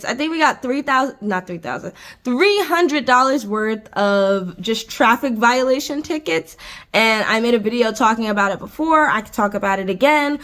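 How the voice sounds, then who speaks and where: A young American woman in her twenties tells a story straight to her camera from an indoor room. Her voice sits fairly high, and she talks in a chatty, exasperated way, packed with "like" and "I was just like". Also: a bit bright. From United States. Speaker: vlogger. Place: indoor room with adjustable lighting.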